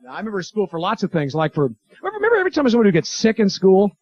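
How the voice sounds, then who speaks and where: This is a stand-up routine from an animated male comedian whose voice sits high, full of rapid character voices and crowd work. It was performed live at a comedy club, captured on muffled, low-fidelity tape with an 1980s club feel.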